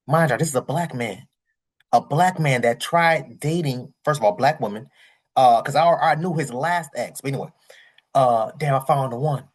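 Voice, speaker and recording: A man's voice: medium pitch, normal speed. Slangy, rambling man reacting to a clip. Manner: rambling, repeats himself, slangy and candid. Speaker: reaction channel host. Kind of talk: casual reaction commentary.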